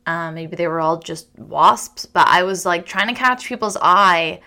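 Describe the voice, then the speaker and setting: A young adult woman hosting a podcast, talking in a chatty, rambling, self-deprecating way with restarts and quick laughs. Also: fairly low pitch, bright, forceful tone. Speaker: podcast host. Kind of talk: casual chat monologue.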